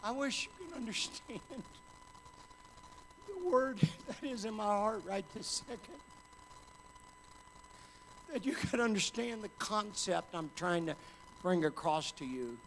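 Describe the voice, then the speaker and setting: A man preaching a sermon with passion, dropping to a hush and then building up to shouts. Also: high-pitched, very animated, measured pace, pauses often, slight background noise. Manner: impassioned, swings from hushed to shouting. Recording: hall reverb with faint ambience.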